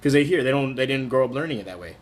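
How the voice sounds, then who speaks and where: A man's voice: medium pitch, lively intonation, rapid-fire. A young man in his twenties talking casually to camera in a vlog, candid and rambling, with many restarts. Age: 20s. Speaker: vlogger.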